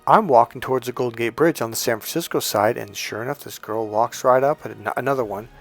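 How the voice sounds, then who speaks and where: A man's voice: mid-range voice, fast talker, gravelly, soft background music. A man in his fifties, a dating coach giving a blunt, profane, emphatic motivational monologue. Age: 50s.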